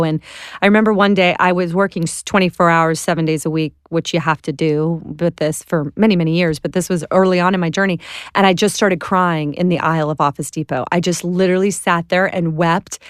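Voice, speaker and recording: Lively storytelling woman, dry close sound. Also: on the low side, smooth, no room sound. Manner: lively, laughing, acts out quoted people. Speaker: interview guest, entrepreneur. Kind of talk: animated storytelling.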